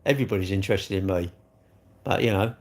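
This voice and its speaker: A man's voice: deep voice, quick pace, a little mellow. A man chatting casually on a livestream from his sofa at home, reading the chat and joking in a cheeky, rambling way.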